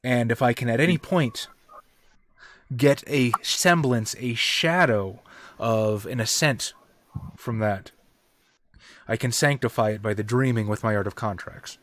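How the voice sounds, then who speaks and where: A man's voice: medium pitch, measured pace, a bit bright. A man taking part as a player in a tabletop role-playing game, earnestly explaining his moves. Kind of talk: casual tabletop play.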